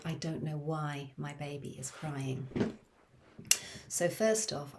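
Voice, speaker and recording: A middle-aged woman therapist giving a calm, gentle demonstration, speaking softly and often half-whispering. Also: deep voice.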